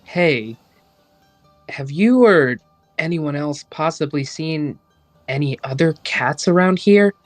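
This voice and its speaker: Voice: mid-range voice, lively intonation, slow, dry recording. Player doing a chill teasing catfolk rogue, faint music behind. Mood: playful. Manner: casual, teasing. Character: cat-folk rogue with fangs, playful.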